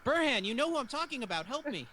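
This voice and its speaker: A man's voice: very high voice, big pitch swings, fast, a crowd in the background, poor audio. A man hosting a casual podcast chat who rambles and corrects himself as he goes. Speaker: host.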